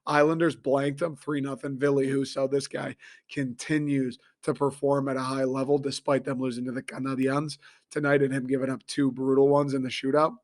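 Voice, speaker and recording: A young man from Michigan, hoarse and a little raspy, ranting profanely and excitably as he hosts a casual sports talk show. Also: medium pitch, brisk. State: hoarse after a concert. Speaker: sports podcast host.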